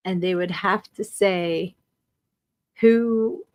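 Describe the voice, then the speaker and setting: A woman in her forties hosting a live stream, chatting casually and reading out viewer comments in a talkative, animated way, with lots of "like" and frequent laughter. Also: lowish voice, extremely slow, dry recording. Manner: chatty and animated, heavy use of "like", laughs often. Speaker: streaming podcast host.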